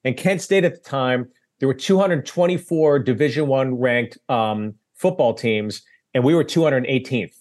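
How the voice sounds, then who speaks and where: A man's voice: medium pitch, normal speed, a little mellow. A male comedian from the Pittsburgh area, a guest on a podcast, telling self-deprecating stories with acted-out quotes. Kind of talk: casual podcast chat.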